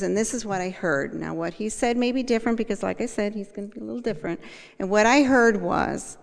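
Casting: older woman, gravelly, candid testimony style, reverberant hall. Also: mid-range voice. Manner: candid storyteller, acts out quoted voices. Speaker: speaker sharing her recovery story. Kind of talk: personal testimony.

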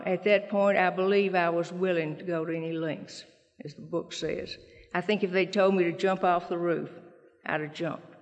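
A woman from Mississippi with a fairly low, folksy Southern voice gives personal testimony about her recovery at a meeting. She tells her story in a homespun way, acting out other people's lines, and the hall around her is echoey.

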